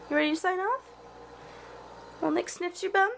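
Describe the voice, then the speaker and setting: Speaking in a very high, gravelly voice with a fairly bright tone, this woman chats to her cats and dog indoors in a sing-song baby-talk style, saying the same small greetings over and over. She pauses often at a normal pace, with slight background noise, in what plays like a casual pet vlog she's filming.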